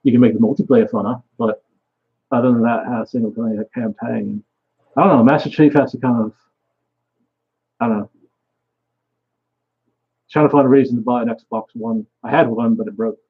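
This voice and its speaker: A man's voice: medium pitch, steady tone, moderate pace, pauses often, breathy edge, narrow, tinny audio. A young man vlogging a rambling solo monologue, swearing often and trailing off mid-thought.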